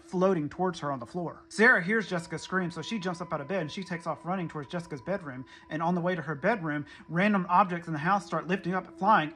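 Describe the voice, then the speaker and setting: A man narrating a horror storytime in a suspenseful manner, with dramatic pauses and asides. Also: a little high, sharp tone.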